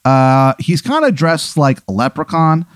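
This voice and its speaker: Lively, rambling man telling a tabletop story. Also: on the high side, a little slow, dry recording, studio quality. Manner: animated, rambling, profane narration. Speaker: game master. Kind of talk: improvised storytelling of a tabletop game.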